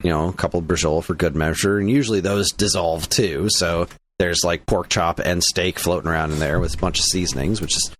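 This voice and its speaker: A man's voice: low voice, fairly even intonation, brisk, hardly any pauses, a bit bright, a little hiss or hum. A man from the United States co-hosting a casual podcast, rambling along with plenty of fillers and restarts. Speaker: podcast co-host.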